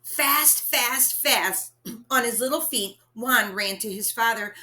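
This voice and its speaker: A woman reads a picture book aloud to children, slowly and very expressively. Her voice is bright and a little high, and she stops to ask her listeners questions. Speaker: storyteller reading to children.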